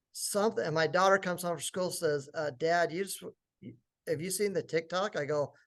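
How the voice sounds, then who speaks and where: Man, middle-aged, company founder, forum talk, animated storytelling. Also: sits high, fairly quick. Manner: animated, acts out quotes of others. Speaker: business founder speaker.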